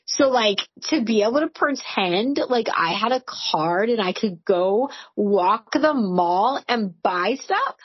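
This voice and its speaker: A woman's voice: mid-range voice, expressive, takes it slowly, few pauses, breathy edge, no room sound, dull audio. A woman in her forties, a podcast co-host, telling candid stories in casual chat, full of "like" and swearing. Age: 40s. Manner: candid, swearing, storytelling with lots of "like".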